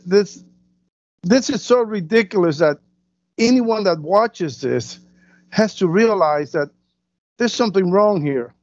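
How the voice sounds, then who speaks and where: A man's voice: high-pitched, darkish tone, dry recording. A male co-host speaking in a dismissive, emphatic way during casual commentary. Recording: dull, dry lo-fi audio.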